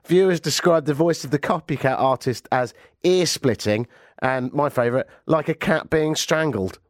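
A man's voice: on the high side, moderate pace, no echo, clean studio sound. A man hosting a talk radio show, with a stuffy nose from a cold. He tells stories with sarcasm and animation. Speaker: radio host. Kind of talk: casual talk radio banter.

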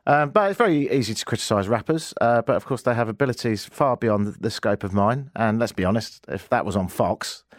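A man hosts a live radio show from a studio, talking casually with a jokey, teasing edge. His pitch leaps up and down as he riffs. The sound is dry and close on the mic. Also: expressive, brisk, hardly any pauses, no room sound. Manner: jokey, teasing, laughs often. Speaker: radio host. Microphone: studio microphone.

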